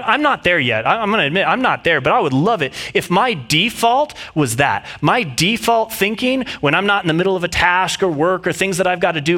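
A man's voice: a little high, sharp tone. A man preaching a sermon in an earnest, conversational way, reading scripture and often restarting his sentences. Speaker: pastor.

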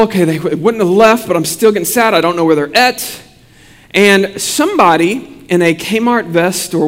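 A man pastor giving a sermon and telling a childhood story in an animated, humorous way. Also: high-pitched, long reverb tail.

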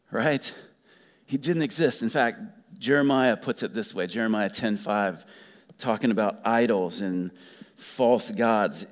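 A man preaching a sermon as a pastor, reading scripture with lively conversational asides. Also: lowish voice. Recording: long hall reverb.

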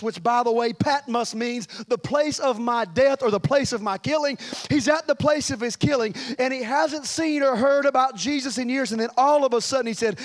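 A male pastor with a notably high-pitched voice delivers his sermon. His preaching is impassioned and plain-spoken, with an everyday, colloquial turn of phrase. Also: moderate pace.

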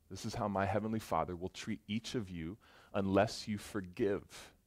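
A man preaching a sermon, retelling a parable in a conversational storytelling way with playful asides, dropping low and quiet then rising loud and emphatic. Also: no echo. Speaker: pastor.

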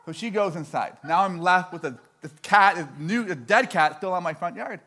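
A young man from Canada telling a stand-up story, animated and self-mocking, acting out his own dialogue. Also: sits high, a little fast, few pauses. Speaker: stand-up comedian.

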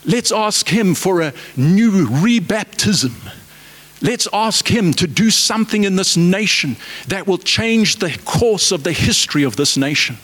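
A man delivers a fervent sermon in a voice pitched a little above most men's. He drives his points home with repeated rhetorical questions. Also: animated, unhurried, a bit bright. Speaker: preacher.

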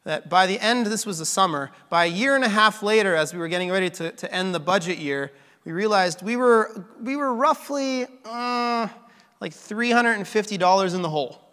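A man's voice: high voice, a little fast, bright, forceful tone. Man preaching in a reverberant hall. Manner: conversational, with fillers and restarts. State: losing his voice a little. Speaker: pastor. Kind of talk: sermon storytelling.

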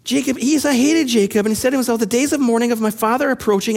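A man preaching a sermon, reading scripture aloud and explaining it in an animated way, acting out the quoted voices. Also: very high voice, racing. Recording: long hall reverb.

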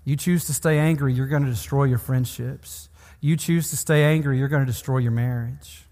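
A man's voice: medium pitch, fairly even intonation, normal speed, a little mellow. A man preaching a sermon in an earnest, pastoral way, building emphasis through repeated phrases. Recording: long hall reverb.

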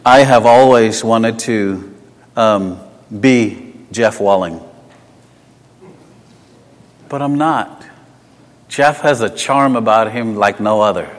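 South African preacher in a reverberant hall. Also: male voice, fairly low pitch, slow pace, pauses often. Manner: swings between emphatic lines and hushed asides; conversational, with personal stories. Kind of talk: sermon.

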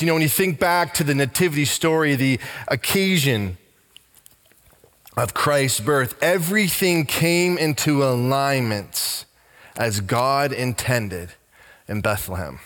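A man's voice: fairly high pitch, animated, unhurried, a bit bright, long reverb tail. A man pastor preaching a sermon, emphatic, repeating key phrases and calling for responses from the congregation.

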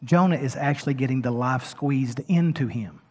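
A man's voice: medium pitch, normal speed. Impassioned preacher man in a reverberant hall. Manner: impassioned preaching, building to loud emphatic peaks. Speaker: pastor. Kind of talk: sermon.

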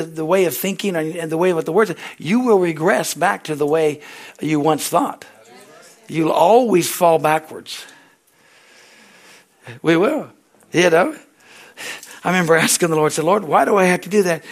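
A man with an American accent preaching a sermon as pastor, in a folksy, rambling way, often asking "Amen?" and laughing at himself. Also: sits high. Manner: self-deprecating, laughs easily.

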